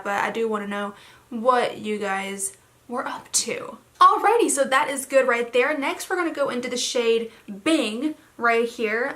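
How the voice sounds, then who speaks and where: A young woman with a bright, somewhat high voice talks her way through a makeup tutorial in a loose, rambling way, full of fillers. Her throat sounds a little hoarse. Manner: chatty, rambling with many fillers. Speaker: beauty vlogger. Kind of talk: casual makeup tutorial chat.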